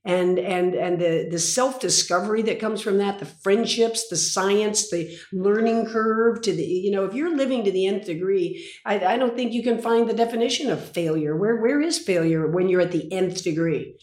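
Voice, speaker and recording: A woman's voice: medium pitch, moderate pace, few pauses, a little mellow. An older woman in her sixties, a guest in an interview, telling stories intensely and dramatically. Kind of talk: interview conversation. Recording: roomy echo.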